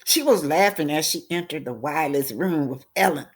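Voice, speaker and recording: Expressive woman reading a novel aloud. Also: sits low, moderate pace. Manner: dramatic, voices characters, asides to listeners. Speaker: book club reader.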